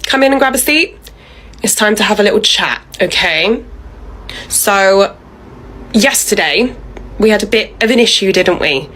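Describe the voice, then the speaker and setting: A woman's voice: medium pitch, lively intonation, unhurried, long pauses, fairly bright tone, a little hiss or hum, poor audio. A woman playing a bossy, entitled female pub manager who talks down to her staff in a condescending way. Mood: patronizing. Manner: condescending, patronizing, relentless. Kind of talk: comedy sketch acting.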